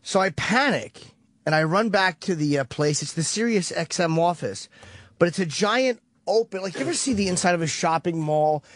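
A man with a fairly high voice tells a rambling, profane story on a talk radio show. The studio sound is bone-dry, close on the mic with no room around him. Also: animated, normal speed, fairly bright tone, no room sound. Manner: profane, rambling, vivid retelling.

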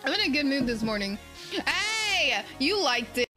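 Super high-pitched lady streamer, bouncy swingy voice, swears and cackles, faint music behind. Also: quick pace. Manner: excitable, swears often, laughs a lot. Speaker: game streamer. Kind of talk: casual live-stream gaming chat.

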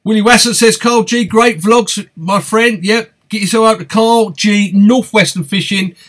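A man's voice: sits high, fairly even intonation, normal speed, a bit bright. A man with an East London accent hosting a live fishing Q&A stream, chatty and upbeat, reading out viewer comments and greeting people by name. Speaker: fishing channel host.

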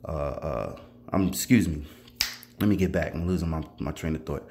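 Deep-voiced man recounting a dream. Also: expressive, moderate pace, gravelly, dark tone, a little hiss or hum. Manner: rambling, conversational, many fillers and restarts. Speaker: testifying believer. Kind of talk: recounting a dream as a religious testimony.

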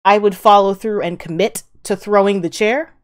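A woman's voice: medium pitch, steady tone, moderate pace, smooth. A woman with hosting a casual reaction video, profane and emphatic, talking back to the screen. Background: drama audio playing underneath.

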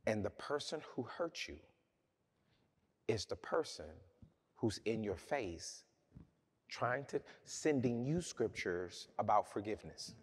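A man's voice: lowish voice, expressive, takes it slowly, pauses often, slightly rough. A man preaching a sermon, telling a personal story in a conversational, humorous way with many restarts.

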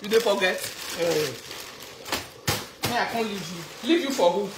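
A woman speaking Nigerian Pidgin, teasing and animated as she comments, laughing often. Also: medium pitch, normal speed, echoey room, noisy background. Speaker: vlogger. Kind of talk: casual commentary vlog.

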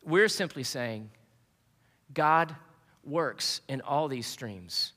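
A man's voice: mid-range voice, animated, drawn-out words, sharp tone. A man preaching a sermon as pastor, telling stories earnestly with frequent restarts. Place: church sanctuary. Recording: long hall reverb.

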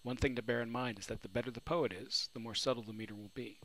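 The teacher talks fast in a mid-range, somewhat bright voice with fairly even intonation. The rough recording of his New Orleans poetry lecture carries a little hiss or hum as he asks his students questions and answers them himself.

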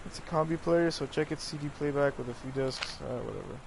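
A man giving casual let's-play commentary, excitable and profane, reading in-game notes aloud. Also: on the high side, brisk, creaky, heavy background noise. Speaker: gaming YouTuber.

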